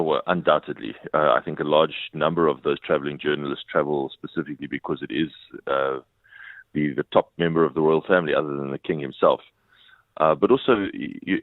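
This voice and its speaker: A man, a mayor answering radio interview questions, measured, with fillers and restarts. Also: very deep voice, dry recording. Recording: phone line.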